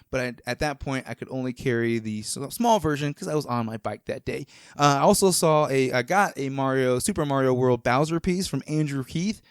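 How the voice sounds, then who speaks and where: Guy hosting a podcast, chatty and rambly, lots of uhs, smooth voice, mid pitch. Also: no room sound, studio quality. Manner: rambling, enthusiastic, frequent fillers and restarts. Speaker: podcast host. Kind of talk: casual chat.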